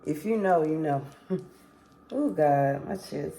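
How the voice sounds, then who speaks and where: Woman vlogger, low-pitched and slow, candid rambling storytime delivery with cursing. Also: animated, dark tone. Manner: candid, rambling, swears, apologizes and restarts. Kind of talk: casual storytime monologue.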